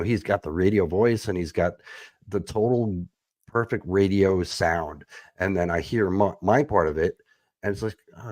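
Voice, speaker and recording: Male podcast co-host, deep voice, rambling and self-mocking, home desk mic. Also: darkish tone, no echo, studio quality. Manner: self-deprecating, rambling with fillers. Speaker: bass player. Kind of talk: casual chat. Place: echoey home room. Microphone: desk USB microphone.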